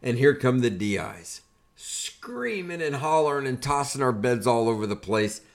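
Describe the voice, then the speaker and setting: An older man hosting a podcast, casually telling army stories in an animated, conversational way and building up to punchlines. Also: mid-range voice, normal speed. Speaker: podcast host and army veteran. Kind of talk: casual storytelling.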